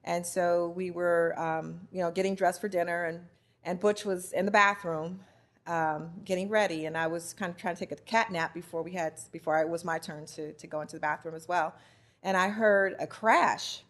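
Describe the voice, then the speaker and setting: Earnest halting woman telling her story. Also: fairly low pitch, steady tone. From United States. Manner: earnest, halting, with many restarts. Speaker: spouse sharing her experience. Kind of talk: heartfelt personal testimony.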